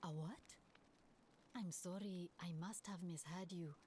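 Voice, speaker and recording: A woman's voice: lowish voice, steady tone, measured pace, dark tone, slight background noise, close to an everyday voice. An actress playing a caring woman healer who is tending a sick girl, speaking earnestly and with concern in video game dialogue.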